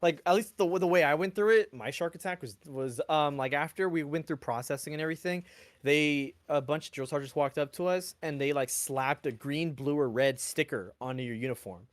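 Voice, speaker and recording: A man's voice: fairly high pitch, brisk, no room sound. A man, an army veteran, telling service stories in casual podcast chat, rambling and profane, full of "like" and "you know.". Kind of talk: casual conversational storytelling.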